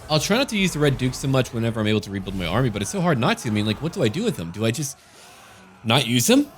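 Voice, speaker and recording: A man's voice: medium pitch, sing-song, rapid-fire, slight background noise. A man giving gameplay commentary as a gaming channel host, with dry, joking asides.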